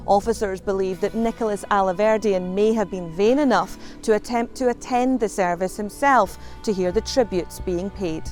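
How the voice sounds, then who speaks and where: A woman narrates a crime documentary and puts questions to interviewees in a measured, probing manner. Faint music runs underneath her. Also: medium pitch, a little mellow.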